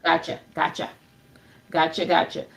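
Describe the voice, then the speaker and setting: A woman's voice: low-pitched, completely flat delivery, a little slow, vocal fry, a loud crowd. A woman hosting a casual tutorial livestream, chatty and upbeat, talking to viewers as friends and calling herself by name. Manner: refers to herself in third person. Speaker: livestream host.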